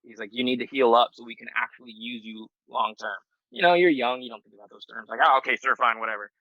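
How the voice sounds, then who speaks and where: A middle-aged Marine veteran telling a story as a podcast guest in a loose, profane, rambling way with many fillers. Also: male voice, medium pitch, quick pace, sharp tone, dry recording, highs cut off. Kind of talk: casual storytelling.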